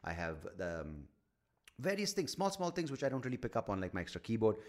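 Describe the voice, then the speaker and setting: A man with a fairly low voice hosts a solo podcast. He talks off the cuff into a microphone at home, swearing freely and poking fun at himself. His pitch swings widely as he goes. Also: huge pitch swings, fast talker. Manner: rambling, profane, self-mocking, thinking out loud. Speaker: podcast host and comedian. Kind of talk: rambling solo podcast monologue. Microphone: studio microphone.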